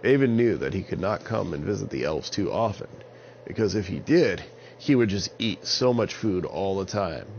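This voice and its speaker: A man narrating an improvised children's story in an animated way. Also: deep voice, normal speed. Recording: slightly dull lo-fi sound with faint hiss.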